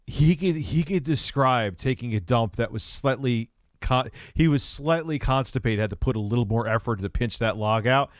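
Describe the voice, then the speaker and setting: A man's voice: medium pitch, normal speed, hardly any pauses, dry recording, studio quality. A man hosting a live stream, reacting to a video with crude, joking asides. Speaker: stream host.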